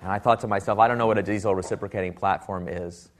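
A man's voice: on the low side, steady tone, fast talker. A man speaking at a talk, telling a wry story and acting out the people he quotes. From Silicon Valley, US.

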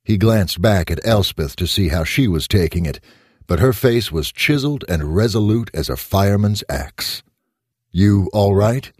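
A man narrating a short story in an expressive audiobook style. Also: low voice, normal speed, husky, dry recording, studio quality.

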